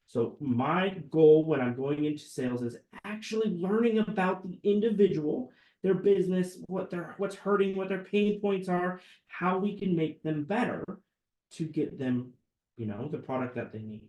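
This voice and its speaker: Sales guy talking earnestly, kinda high voice, roomy echo around him. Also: animated, moderate pace, darkish tone. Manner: earnest, enthusiastic storyteller. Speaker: sales lead and webinar co-host. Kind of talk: casual webinar chat. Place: office room.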